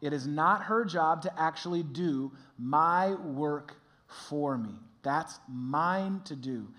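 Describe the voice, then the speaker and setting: A pastor preaching with earnest conviction. He has a fairly high voice for a man and grows lively in his stories. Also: slow. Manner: earnest, animated when telling stories. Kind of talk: sermon.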